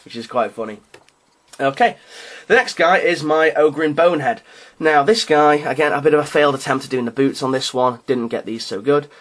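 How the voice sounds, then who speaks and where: In a mid-range voice and at a brisk pace, a man gives casual show-and-tell narration of his hobby miniatures. He rambles and hesitates, with lots of ums and restarts, and keeps an amused, self-deprecating tone.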